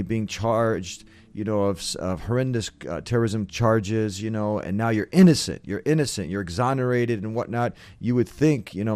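A man with a lowish voice asks long, carefully framed interview questions. He speaks in a measured way, and the sound is dry and close. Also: a little mellow, no room sound.

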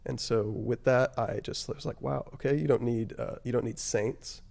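A man with a noticeably gravelly, fry-edged voice at an ordinary middle pitch tells his story as an interview guest. He speaks in a halting, reflective way, leaning on fillers and letting his voice sink softer on the heavier moments. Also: steady tone. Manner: halting and reflective, frequent "like" and "you know" fillers. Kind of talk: casual personal storytelling.

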